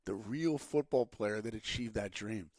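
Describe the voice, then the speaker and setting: Sex: man. Role: podcast guest. Style: motivational storytelling. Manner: animated and expressive. Pitch: fairly low. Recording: dry studio mic. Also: measured pace, no echo. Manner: animated, acts out quotes.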